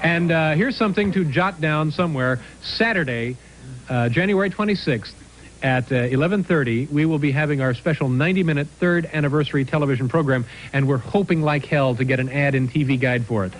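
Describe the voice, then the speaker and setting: A man hosting a late-night talk show, dry and halting with many filler pauses. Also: a little high, poor audio. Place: TV studio. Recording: hissy worn VHS tape.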